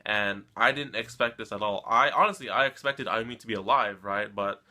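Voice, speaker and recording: A man's voice: fairly low pitch, fairly quick, bright, forceful tone. A man hosting an anime reaction channel, recapping an episode in a casual, emotional and rambling way, often turning to his viewers. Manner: emotional, rambling, keeps addressing viewers with "guys" and "come on".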